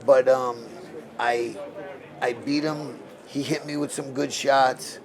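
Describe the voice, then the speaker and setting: A man's voice: medium pitch, fairly even intonation, slow. A man in his sixties, a former boxer, talking bluntly and emphatically in an interview and often restarting his phrases. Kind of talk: interview storytelling. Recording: crowd noise around the mic. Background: crowd murmur.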